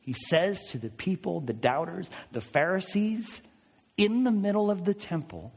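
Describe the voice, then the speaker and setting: A man preaching a sermon, explaining a passage with animated, emphatic rhetorical questions. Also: sits high, moderate pace, vocal fry, breathy edge. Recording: reverberant hall.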